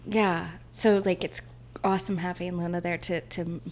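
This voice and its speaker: A woman, a chatty podcast guest who rambles and talks warmly about home. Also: fairly low pitch, little pitch movement, moderate pace, slight background noise. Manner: chatty, rambling, warm-hearted. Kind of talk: casual podcast chat.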